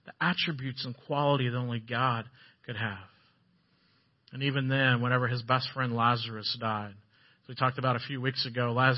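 A man preaching a sermon, telling stories with a voice that swells loud and then drops soft. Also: fairly high pitch, muffled recording. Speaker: pastor.

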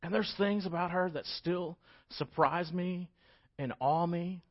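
Animated pastor preaching. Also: male voice, sits high, unhurried. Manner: animated, acts out scripture voices. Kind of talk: sermon. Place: church sanctuary. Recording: dull lo-fi church recording.

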